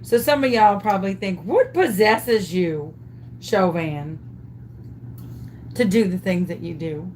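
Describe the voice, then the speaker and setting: A woman's voice: fairly low pitch, takes it slowly, long pauses, slight background noise. Chatty woman telling a story. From Louisiana. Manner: animated, chatty, self-amused storyteller. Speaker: craft vlogger. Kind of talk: storytelling while crafting.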